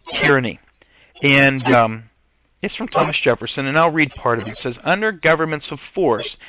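A man hosting a podcast, talking earnestly and with emotion, sometimes reading aloud and often correcting himself mid-word. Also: medium pitch. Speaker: podcast host. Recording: slightly muffled podcast audio, faint hiss.

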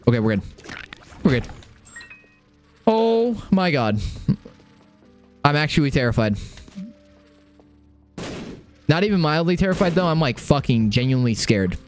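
A young man giving casual live gameplay commentary, excitable and swearing often, repeating phrases under pressure. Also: medium pitch, fast talker, faint music behind. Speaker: gaming streamer.

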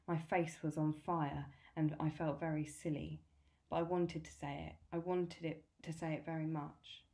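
A woman tutor reading a novel aloud, steady and clear. Her voice sits low for a woman. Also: normal speed.

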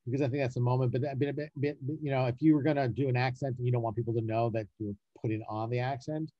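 A man, a casting director and writer, talking in a casual interview, animated and emphatic, often repeating words to stress a point. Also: mid-range voice, fast talker, no echo, muffled recording.

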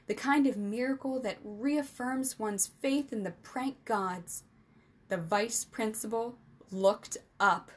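A woman reading an adventure storybook aloud as the storyteller, with lively, expressive narration. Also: a little high, husky.

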